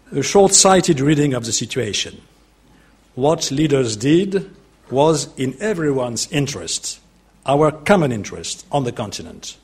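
An older French man delivers a formal political speech in English, his second language, with a French accent. His voice is husky and a little breathy, sitting at an ordinary middle pitch. He speaks in a measured, deliberate way, pausing on small fillers as he builds his argument. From France. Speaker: statesman giving a speech.

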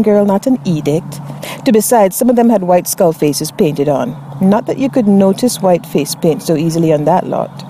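A woman narrating a first-person fantasy story in a wry, expressive way. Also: fairly low pitch, slight background noise.

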